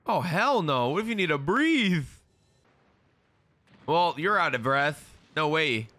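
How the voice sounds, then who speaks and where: A young man streaming a live anime reaction, excitable and slangy, swearing often as he comments. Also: a little high, slow pace, no echo.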